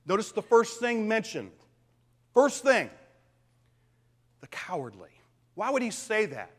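A man preaching a sermon as a pastor, swinging from hushed whispers to loud, emphatic declarations. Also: high-pitched. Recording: long reverb of a large hall.

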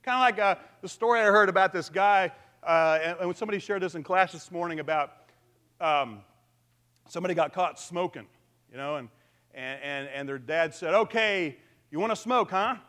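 A man's voice: a little high, normal speed, fairly bright tone, clear, resonant tone. A man pastor giving a conversational sermon, asking the congregation questions and using humor.

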